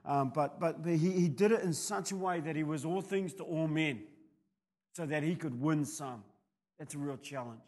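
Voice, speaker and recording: A male pastor with a New Zealand accent preaching a sermon, telling rambling anecdotes that build to loud, emphatic peaks. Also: fairly high pitch, normal speed.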